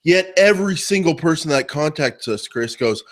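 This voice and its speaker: A man's voice: a little high, animated, moderate pace. Man telling a teasing story on a podcast. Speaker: podcast co-host. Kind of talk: casual chat.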